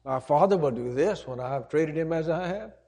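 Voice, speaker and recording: A man's voice: on the high side, expressive, a little fast, dark tone, long reverb tail. A man voicing a repentant young son who calls himself unworthy. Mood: contrite. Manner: contrite, self-abasing.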